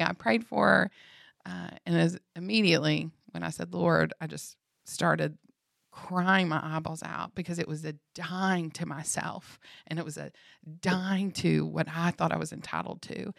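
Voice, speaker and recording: A lower-pitched woman with a heavily gravelly, fry-laden voice tells a personal faith story on a podcast. She acts out the dialogue vividly and laughs often. The sound is close and dry. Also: no echo. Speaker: podcast co-host.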